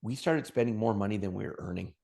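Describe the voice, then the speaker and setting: A man from Alberta, a podcast guest telling his story with high energy and humor and acting out bits of dialogue. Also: fast talker, vocal fry, a little mellow. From Alberta, Canada. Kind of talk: storytelling interview talk.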